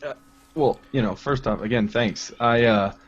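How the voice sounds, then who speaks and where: Brief: a mid-pitched male host, hesitant and halting, on a dull lo-fi line. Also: soft background music. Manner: hesitant, filler-heavy. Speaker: game master, host. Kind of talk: casual chat among gamers.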